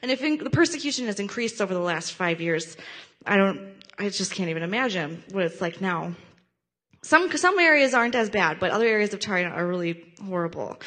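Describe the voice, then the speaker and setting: A woman hosting a Christian prayer video, talking in a casual, earnest way with pauses and restarts. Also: fairly high pitch, fairly bright tone. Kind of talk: casual reflective commentary.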